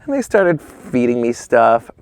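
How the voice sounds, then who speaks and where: Gravelly guy spinning stories, low voice, dry close sound, does all the voices. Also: measured pace, no room sound. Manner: animated, acts out quoted voices; casual, swears freely. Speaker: interview guest. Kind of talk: storytelling anecdotes.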